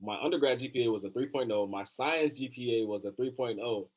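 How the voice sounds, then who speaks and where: A young man in his twenties, a physician assistant student, telling his story in a relaxed, casual interview with many fillers. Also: medium pitch, a little fast, breathy edge. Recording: dull lo-fi sound.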